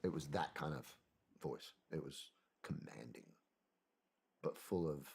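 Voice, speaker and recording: A man, a podcast guest, telling a personal story in a soft-spoken, hesitant way that often trails off. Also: rumbling low, a little slow, vocal fry, husky.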